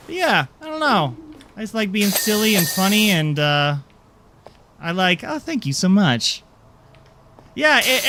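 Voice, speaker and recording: A man chatting away to his viewers while he streams a game, rambling and poking fun at himself. His voice sits a little high and bounces animatedly up and down, with a faint hiss of noise underneath. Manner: chatty, self-deprecating, rambling. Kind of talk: casual live-stream chat.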